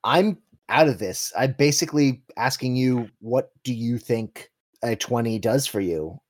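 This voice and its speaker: A man running a tabletop game as game master, narrating in an animated, playful way. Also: mid-range voice, unhurried.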